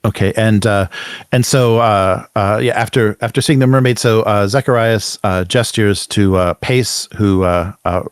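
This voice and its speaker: A man running a tabletop game as game master. He narrates in a halting, stop-start way. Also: fairly low pitch, smooth, no room sound, studio quality.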